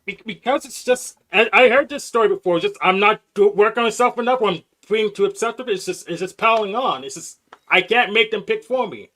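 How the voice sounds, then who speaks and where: Argumentative male panel guest, high and bright, stumbling, insistent, repeats himself. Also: a little fast. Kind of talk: heated casual debate.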